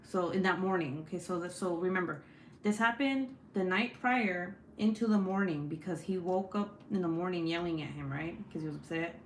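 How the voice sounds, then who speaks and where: A young adult woman and mother, chatting casually while crafting at home, telling a story with lots of swearing and lively voice shifts. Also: fairly low pitch, normal speed, reverberant, a little hiss or hum. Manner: profane, animated storytelling. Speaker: vlogger, mom.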